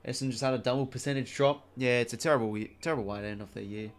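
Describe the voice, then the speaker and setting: A young Australian man hosting a casual live watch-along stream, rambling and chatty, dropping swear words as he goes. His voice sits at an ordinary pitch for a man, with relaxed, offhand delivery. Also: racing.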